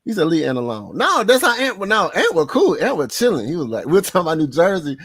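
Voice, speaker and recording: Animated man with a gravelly voice. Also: fairly high pitch, fast, dry recording, studio quality. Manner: excitable, slangy, laughs often. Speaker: podcast host. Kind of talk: casual sports talk.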